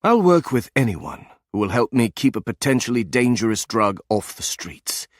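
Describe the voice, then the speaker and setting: A man voicing a stubborn intelligence officer with a German accent who speaks softly but coldly. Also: medium pitch, big pitch swings, normal speed, no echo, studio quality. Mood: stern. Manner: soft, chilling, stubborn.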